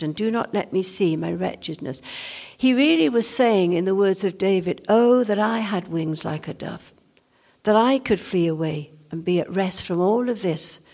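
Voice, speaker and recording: Woman preacher, earnest sermon delivery, fry-heavy gravelly tone, mid pitch. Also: a little mellow. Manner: earnest, reads scripture aloud with slowed emphasis.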